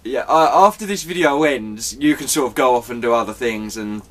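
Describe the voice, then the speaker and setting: A man's voice: medium pitch, moderate pace, a bit bright. A man giving a rambling, apologetic vlog update, chatty and swearing now and then. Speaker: vlogger.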